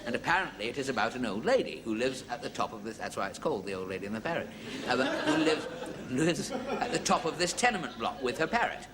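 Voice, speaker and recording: A man's voice: medium pitch, sing-song, quick pace. Wry, rambling male comedian. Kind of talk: stand-up monologue. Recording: noisy live stage recording. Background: audience laughter.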